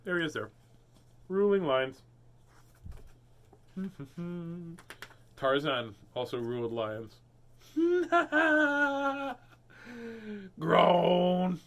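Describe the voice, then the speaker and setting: A playful man hosting a casual online storytime and reading a picture book aloud. His voice sits a little high and swings widely, bright and bouncy. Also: sing-song, very slow, pauses often. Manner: playful, jokey. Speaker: storybook reader host.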